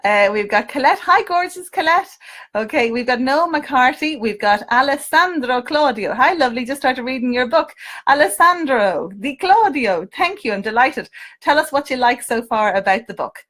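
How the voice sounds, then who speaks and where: Irish woman, coach doing a live stream, fairly high voice, lively and coaxing, keeps asking viewers questions. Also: moderate pace. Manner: animated, coaxing, asks viewers questions, frequent "okay?". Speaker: coach and hypnotist.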